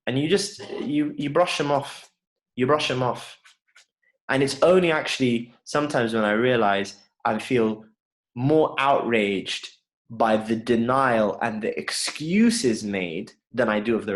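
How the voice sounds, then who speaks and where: A young man on a video call, telling a personal story in an animated way and acting out the people in it. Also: medium pitch. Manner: animated storytelling, voicing people in his anecdotes. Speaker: guest panelist.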